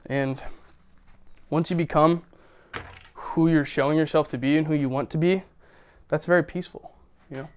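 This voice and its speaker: A man's voice: a little high, steady tone, moderate pace, long pauses. Man rambling casually between gym sets. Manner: rambling, many fillers, breathy strained sighs between reps. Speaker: vlogger filming his workout. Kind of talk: casual rambling monologue while lifting.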